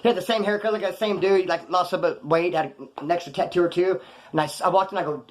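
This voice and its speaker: Talking very fast in a slightly high voice, a man who served time rambles loosely through his prison stories. His speech is slangy and profane, and he often stops to correct himself.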